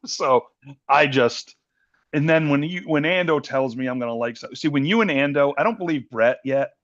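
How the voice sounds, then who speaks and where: A man's voice: a little high, lively intonation, moderate pace, lo-fi sound. A man co-hosting a podcast, chatting casually about TV shows, rambling with restarts and laughing easily. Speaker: podcast co-host. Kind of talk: casual chat.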